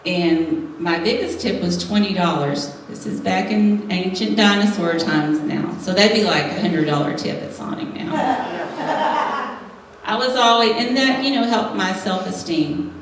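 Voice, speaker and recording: A woman's voice: mid-range voice, a little slow, slight background noise. A middle-aged woman giving a humorous personal testimony to a church audience, laughing often as she tells her story. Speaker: speaker at a women's church gathering. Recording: echoey hall, mic at a distance.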